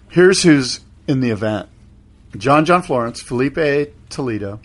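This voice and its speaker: A man's voice: medium pitch, expressive, moderate pace. A middle-aged man co-hosting a casual podcast chat, playful and teasing, quizzing his partner. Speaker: podcast co-host.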